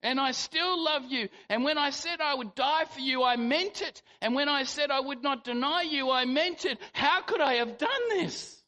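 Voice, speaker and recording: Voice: sits high, moderate pace, few pauses, sharp tone, voice pushed up. A preacher voicing a grief-stricken male disciple who pleads and reproaches himself in prayer. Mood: anguished, pleading. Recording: long hall reverb.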